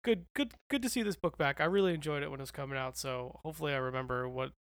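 A woman co-hosting a comic book podcast in casual chat, animated, laughing often and swearing casually. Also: low-pitched, very fast, no echo.

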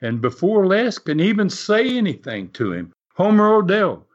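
Animated chuckling man telling a story. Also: sits high, moderate pace. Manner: animated, chuckles often, acts out quotes. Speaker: wrestling promoter and TV producer. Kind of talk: storytelling anecdote. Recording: dull lo-fi recording.

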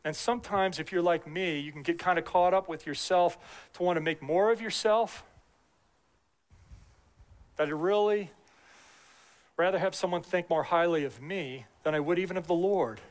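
Middle-aged man, pastor, conversational sermon, repeats his phrases, slightly high voice. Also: normal speed, pauses often.

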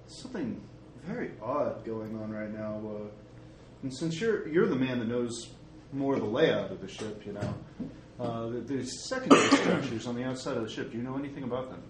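A man's voice: medium pitch, animated, moderate pace, far from the mic. A man playing a character in a tabletop horror game, musing aloud with trailing questions. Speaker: player. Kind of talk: casual tabletop role-play. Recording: echoey room, faint hiss.

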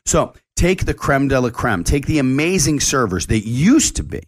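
A man's voice: mid-range voice, big pitch swings, moderate pace. A man and chef hosting his own radio show, talking casually and rambling with lots of fillers.

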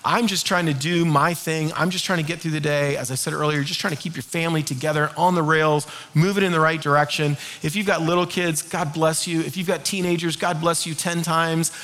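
A middle-aged man preaching a sermon as pastor, lively and conversational, leading the congregation in call-and-response. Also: a little high, a little fast, hardly any pauses.

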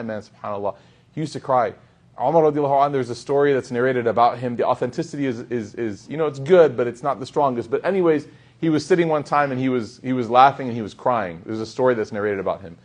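An Islamic preacher gives a casual sermon to a live audience in a relaxed, conversational manner, speaking at a medium pitch. He repeats lines for emphasis, often asks "right?" and quotes Arabic scripture.

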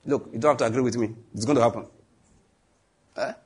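A Nigerian man preaching a sermon with a Nigerian accent, emphatic, reading scripture slowly and joking with the congregation. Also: mid-range voice, slightly rough.

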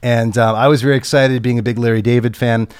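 A man working as a camera operator, telling a casual anecdote in a halting way and chuckling as he goes. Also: medium pitch, fairly even intonation, smooth, no echo, studio quality. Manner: halting, chuckles through the story.

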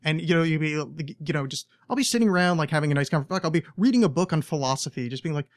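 A man's voice: a little high, expressive, racing, dry recording, clean studio sound. A man hosting a podcast, chatting casually in a rambling, profane, self-mocking way. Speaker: podcast host. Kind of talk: casual chat.

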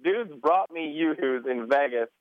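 A man's voice: on the high side, expressive, unhurried, no echo. Laid-back man on a tinny line. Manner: laid-back storyteller, acts out quotes. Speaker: podcast guest, motocross mechanic. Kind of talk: casual chat.

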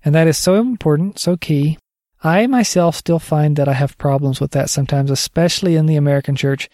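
A man's voice: on the high side, fairly quick, dark tone, no room sound, studio quality. A man giving a casual spoken teaching update on discipling others, conversational and digressive, thinking aloud as he goes.

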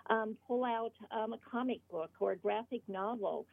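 A woman's voice: a little high, moderate pace, creaky, no room sound. Woman guest on a tinny phone line. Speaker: author guest. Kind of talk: interview over the phone.

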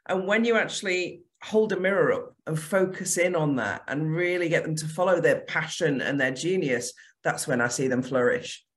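A woman's voice: deep voice, a bit bright. A woman with a Scottish accent, a creative business consultant speaking as a guest on a podcast, confident and plain-spoken. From Scotland. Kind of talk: podcast interview.

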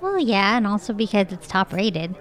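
Woman, teasing, playful, casual podcast chat, mid pitch. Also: sing-song, moderate pace. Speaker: podcast co-host.

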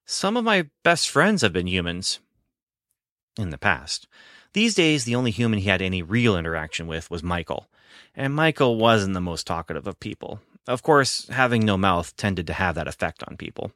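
A man's voice: deep voice, very animated, brisk, a bit bright, dry recording. A man narrating an audiobook in a dry, wry storytelling manner.

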